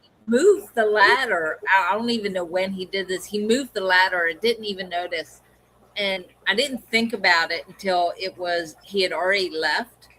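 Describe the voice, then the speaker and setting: A woman's voice: mid-range voice, moderate pace. A middle-aged woman co-hosting a pet hobby live stream, chatting casually and acting out quoted lines as she tells a story. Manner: animated, acts out quoted dialogue.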